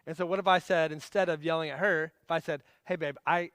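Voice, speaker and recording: A man's voice: a little high, steady tone, quick pace, a bit bright, clean tone, no room sound, studio quality. A man in his forties teaching a marriage class in a casual, conversational way, acting out everyday scenes. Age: 40s.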